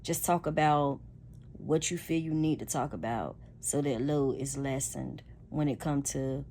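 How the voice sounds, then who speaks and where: Low-voiced woman giving emphatic advice. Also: fairly even intonation, a little slow, a little hiss or hum. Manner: loud, emphatic, preachy. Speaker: relationship advice vlogger. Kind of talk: casual advice monologue.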